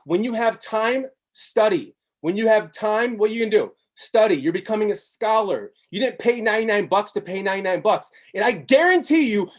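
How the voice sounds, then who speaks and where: Hyped-up man chanting sales slogans. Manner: energetic, chanting repeated slogans, swinging pitch. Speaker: network marketing presenter. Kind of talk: hype motivational sales pitch on a live webinar.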